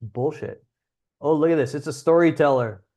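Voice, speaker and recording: A man's voice: a little high, moderate pace, dark tone. A young man hosting a livestream, talking casually and bluntly as a dating coach, with frequent swearing. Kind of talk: livestream talk.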